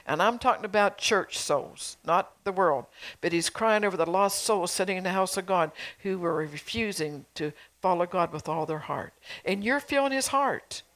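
A woman's voice: on the low side, moderate pace, fairly bright tone. A middle-aged woman preacher delivering a sermon, earnestly exhorting her congregation with rhetorical questions.

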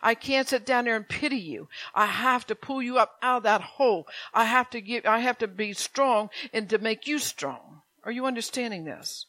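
Bright-voiced older woman preaching. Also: a little high, normal speed, few pauses, dry recording. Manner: conversational, with rambling asides and impassioned voiced prayers. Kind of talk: sermon.

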